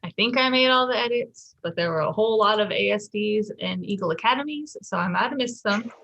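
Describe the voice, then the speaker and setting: A woman's voice: mid-range voice, lively intonation, brisk, vocal fry, a bit bright, lo-fi sound. A woman on a video call taking the meeting through its agenda in easygoing, casual talk.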